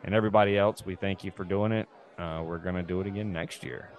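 A man's voice: low-pitched, steady tone, fast. A man hosting a casual podcast, rambling loosely and laughing often. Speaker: podcast host. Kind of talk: casual chat.

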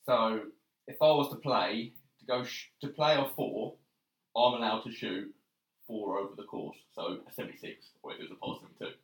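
A man's voice: mid-range voice, fairly quick. A young man, chatting as a podcast guest and laughing often. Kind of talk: casual chat. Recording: roomy sound, distant mic.

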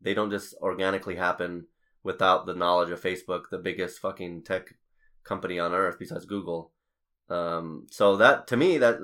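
Deep-voiced young male podcast host; rambling, halting, casual. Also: a bit bright. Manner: rambling, halting with many restarts and fillers.

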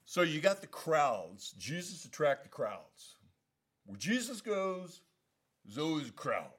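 A man teaching a Bible study in a relaxed, conversational way, often asking "you know what I mean?". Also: fairly high pitch, takes it slowly, breathy edge. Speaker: pastor.

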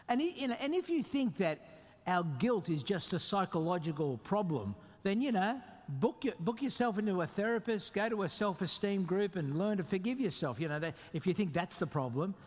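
A man preaching a sermon as pastor, emphatic and animated, with sudden jumps in pitch. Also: brisk. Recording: long reverb of a hall.

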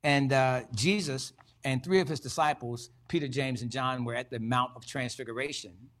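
A man's voice: mid-range voice, moderate pace, a bit bright. Man preaching a repetitive sermon. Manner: preacherly, repeats key phrases, interjects praise. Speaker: pastor.

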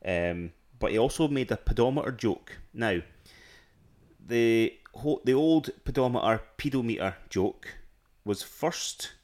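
A man's voice: medium pitch, animated, measured pace, darkish tone. A Scottish man co-hosting a podcast, telling stories in casual chat with many restarts. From Scotland. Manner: rambling storytelling with frequent restarts and laughs. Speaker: podcast co-host.

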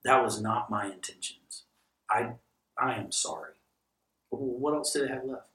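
A man's voice: mid-range voice, normal speed. A middle-aged man, a guest pastor, telling stories in a podcast conversation and acting out the dialogue. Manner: animated storyteller who acts out dialogue. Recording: roomy sound from a distant mic.

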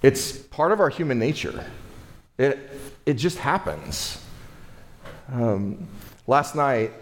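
A man's voice: mid-range voice, sing-song, slow pace. A man from the United States preaching a sermon in a conversational, relatable way, with rhetorical asides to his listeners. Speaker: pastor.

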